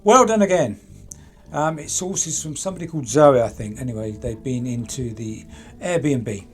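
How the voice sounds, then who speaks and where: A man's voice: medium pitch, moderate pace. Chatty man hosting true crime talk. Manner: chatty, rhetorical, addresses people directly with questions. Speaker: true crime channel host. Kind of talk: casual true crime commentary to camera.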